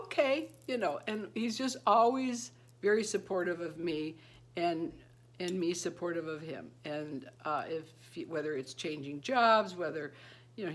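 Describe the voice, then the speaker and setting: A retired woman in her fifties chats to camera about married life. She rambles from one thought to the next, laughs often, and acts out the voices of people she quotes. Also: deep voice. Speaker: beauty vlogger. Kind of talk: casual chat to camera.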